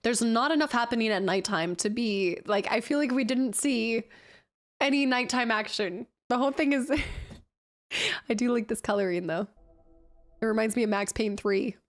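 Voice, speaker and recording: A woman streaming a casual live reaction, her voice sitting a little high. She talks freely and laughs often, poking fun at herself as she goes. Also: normal speed. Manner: chatty, laughs often, self-deprecating.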